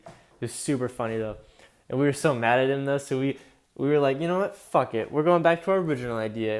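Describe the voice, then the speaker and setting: A young man telling a long personal story in a casual vlog, rambling with lots of fillers and swearing. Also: medium pitch. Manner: rambling, heavy on fillers and profanity. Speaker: vlogger.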